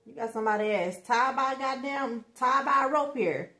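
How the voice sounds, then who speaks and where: A woman's high-sitting voice comes through at normal speed against background noise as she does a laid-back tarot reading. Talking to viewers in slang, she's blunt and foul-mouthed, emphatic, with bursts of laughter.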